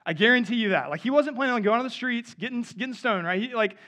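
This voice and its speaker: A high-pitched man in his thirties delivers a sermon in a church, amplified by a mic. His delivery is animated and chatty, full of asides to the congregation. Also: fast talker. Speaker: pastor. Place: church before a live congregation.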